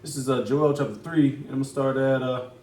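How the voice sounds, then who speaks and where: A man's voice: mid-range voice, fairly even intonation, quick pace, a little mellow, slight background noise. A man giving casual preaching commentary in a loose, repetitive, profane street manner. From United States. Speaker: religious commentator. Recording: echoey room.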